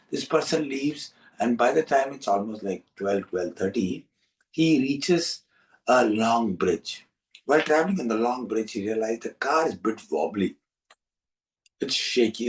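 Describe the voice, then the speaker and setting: A man, hosting a storytelling session for young listeners in an animated, repetitive, coaxing way. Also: fairly low pitch, far from the mic, poor audio. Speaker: storyteller and host.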